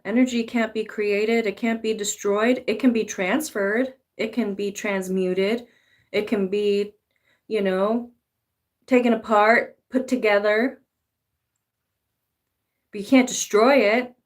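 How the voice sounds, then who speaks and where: A woman's voice: medium pitch, takes it slowly, long pauses. A woman giving a casual spiritual talk as a tarot reader, swearing freely and now and then acting out pleading voices. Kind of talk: spiritual monologue.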